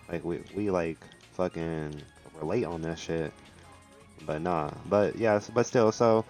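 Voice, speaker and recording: A man's voice: low voice, a little mellow. A young man streaming live, telling a rambling, profane story in casual chat, full of "like", with faint music behind him.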